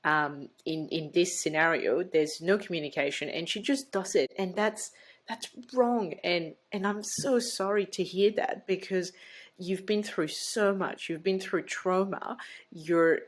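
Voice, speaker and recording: A woman's voice: on the low side, a little slow. A woman, hosting a casual chat as a doula and speaking earnestly and emphatically. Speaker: doula and podcast host.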